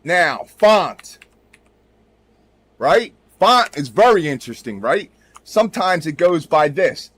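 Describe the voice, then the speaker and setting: A man in a rambling livestream monologue, swinging his pitch up and down as he talks. His voice sits a little high for a man. He keeps punching lines with "right?" and sometimes drops to a mutter, with keyboard typing behind him. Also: big pitch swings, slow, pauses often, fairly bright tone, no echo. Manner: repeats "right?" constantly, emphatic, drifts into mutters. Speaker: livestream host.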